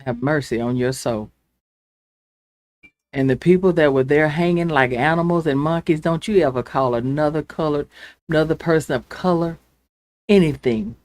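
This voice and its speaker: A woman's voice: sits low, moderate pace, no room sound. Angry woman ranting on a livestream. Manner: angry, impassioned, swinging from shouting to hushed. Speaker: show host. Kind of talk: livestream political rant.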